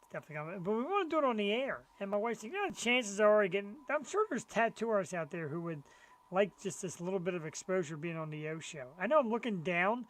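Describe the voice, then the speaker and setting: Co-hosting a live web show, a middle-aged man chats loosely and enthusiastically about his collectible finds. He talks fast in a high-pitched, sing-song, slightly bright voice.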